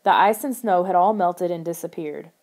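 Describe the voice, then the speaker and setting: Mellow woman narrating an audiobook. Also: on the low side, moderate pace. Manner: steady, expressive storytelling. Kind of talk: scripted first-person narration of a children's horror book.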